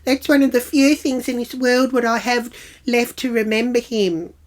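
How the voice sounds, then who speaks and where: A woman voicing a tearful woman, pleading in a whiny, higher-pitched tone. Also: sing-song, moderate pace, fairly bright tone.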